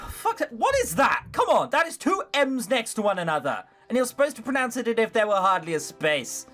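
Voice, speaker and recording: Snarky game streamer reading a visual novel, animated voice, faint music behind. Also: medium pitch, brisk, hardly any pauses. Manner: sarcastic, swearing asides. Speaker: let's play host.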